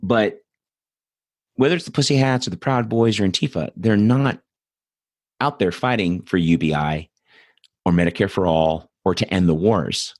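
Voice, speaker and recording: A man's voice: low-pitched, normal speed, long pauses, darkish tone, no room sound, clean studio sound. A man hosting a political commentary show, talking in a blunt, profane, rambling monologue full of asides. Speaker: host.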